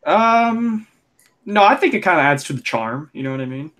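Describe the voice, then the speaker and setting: A young man co-hosting a casual wrestling podcast, rambling and animated, full of fillers. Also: a little high, normal speed. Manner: chatty, rambling, animated opinions with lots of fillers. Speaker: podcast co-host.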